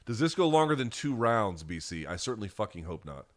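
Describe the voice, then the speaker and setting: A man's voice: fairly low pitch, sing-song, a little fast, no echo, studio quality. A man co-hosting a live watch-along, chatting casually, swearing freely and rambling through stories. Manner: laid-back, swears freely, rambling storyteller. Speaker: co-host.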